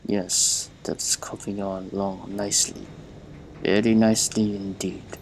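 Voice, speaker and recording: A man voicing a pleasant, cultured man in a trench coat, speaking with a put-on Russian accent in a courteous, unhurried way. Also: deep voice, level tone, vocal fry, a little hiss or hum, poor audio.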